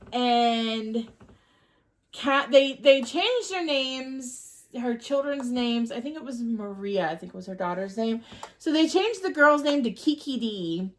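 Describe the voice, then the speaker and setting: A woman co-hosting a podcast, recapping a movie plot in a rambling, halting way full of ums. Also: high voice. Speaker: podcast co-host. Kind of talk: casual chat recapping a movie.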